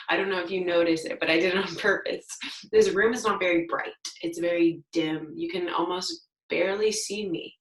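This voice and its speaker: A young woman teacher thinking aloud as she explains a poem to her students step by step, pausing on fillers, in a dim room. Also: fairly low pitch, a bit bright, echoey room, low-quality recording. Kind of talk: read-aloud lesson for students.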